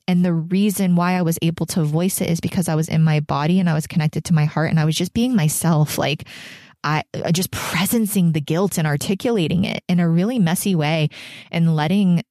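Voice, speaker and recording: Low-voiced woman musing candidly. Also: darkish tone, dry recording, clean studio sound. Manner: candid, emotional, rambling with many fillers. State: pregnant. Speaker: podcast host. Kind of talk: reflective solo podcast.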